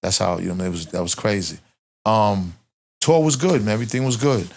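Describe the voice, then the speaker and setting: Deep-voiced Boston man telling a story. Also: brisk, vocal fry. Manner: animated, profane street storytelling, rises in pitch when reliving tense moments. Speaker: interview guest. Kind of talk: casual storytelling.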